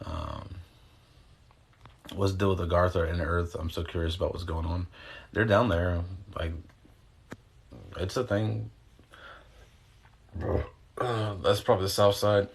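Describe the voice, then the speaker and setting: A deep-voiced man with vocal fry speaks at a measured pace, pausing often, on a livestream recorded through a phone. Loose and slangy with mild swearing, he rambles while answering viewer questions and giving guided breathing instruction.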